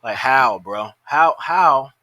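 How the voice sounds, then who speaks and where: A man in a studio podcast, talking in crude, animated, mocking banter and laughing often. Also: medium pitch, slow, dry recording. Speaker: podcast host.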